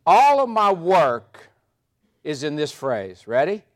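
A man's voice: on the high side, slow pace. A man speaking live on stage to an audience as a motivational speaker, telling stories with punchy repetition. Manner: animated storytelling with punchy repetition.

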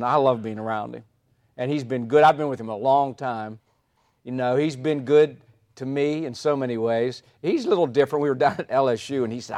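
A man speaking live on stage to an audience as a motivational speaker, telling stories with punchy repetition. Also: medium pitch. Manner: animated storytelling with punchy repetition.

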